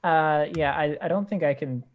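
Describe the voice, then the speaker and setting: A woman's voice: deep voice, moderate pace, narrow, tinny audio. A woman playing in a tabletop game, casual and playful. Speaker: player.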